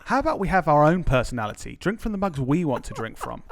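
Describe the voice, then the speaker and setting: A man voicing a defiant advert announcer who sells to teenagers in a rebellious, preachy pitch. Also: sing-song, fast, creaky.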